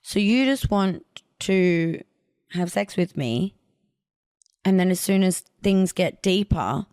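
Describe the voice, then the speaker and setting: A woman's voice: on the low side, a little mellow, dry recording, clean studio sound. A young woman hosting a podcast, talking frankly about her own life in a candid monologue, full of "like" and casual swearing. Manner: frank and blunt, heavy on fillers like "like". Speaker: podcast host.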